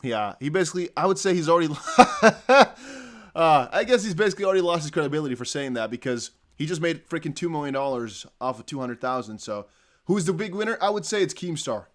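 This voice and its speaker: A man with a light Dutch accent hosts a casual crypto live stream. He rambles and reads viewer comments aloud. His voice sits a little high for a man. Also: expressive, fast, a bit bright. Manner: rambling, trails off with "I don't know". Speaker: crypto livestream host.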